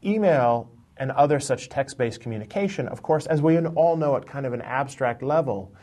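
A man who is a professor talks as a radio guest. His voice is mid-pitched, and he explains his ideas thoughtfully, working through everyday examples. He pauses and restarts as he thinks. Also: mellow. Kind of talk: explanatory interview talk. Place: in Chicago.

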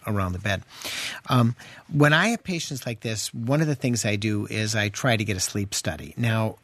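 A man who is a doctor answering callers on a radio show, chatty and joking as he gives plain practical advice. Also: fairly low pitch. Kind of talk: casual radio advice talk.

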